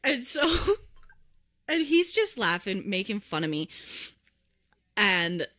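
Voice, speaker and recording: An animated young woman tells a story on a podcast, her voice swooping high and low as she acts out the people in it. Her tone is bright and sharp, and she swears freely. She speaks close to the microphone in a dry room with no echo. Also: slow pace. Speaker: podcast co-host. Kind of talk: casual storytelling chat. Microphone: close to the mic.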